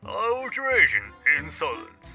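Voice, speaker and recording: A man doing raspy, scolding old Soviet bosses. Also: high voice, huge pitch swings, slow, pushed and bright, exaggerated voice, low-quality recording. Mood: indignant. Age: older. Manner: indignant, scolding. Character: grumpy elderly male Soviet officials on phone. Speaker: multi-voice audiobook character. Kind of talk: audiobook character voice. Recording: faint music behind.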